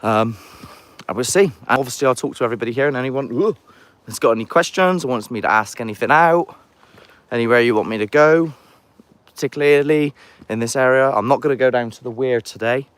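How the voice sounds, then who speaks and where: A man chatting casually while live-streaming outdoors among castle grounds and woods, his voice at a middling pitch. He rambles loosely, greets viewers by name, and talks into a handheld phone. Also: fairly quick, no echo. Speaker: paranormal investigator streaming live.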